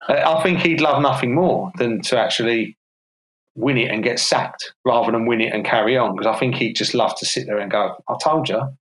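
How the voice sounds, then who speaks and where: A man's voice: medium pitch, moderate pace, a bit bright, echoey room, low-quality recording. A man with a London accent, co-hosting a casual football podcast, chatty and opinionated, laughing often. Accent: London English. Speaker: podcast co-host.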